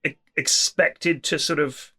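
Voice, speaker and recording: A man co-hosting a podcast in casual chat, lively and jokey, quoting people in put-on voices. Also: a little high, takes it slowly, slightly rough. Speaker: podcast co-host.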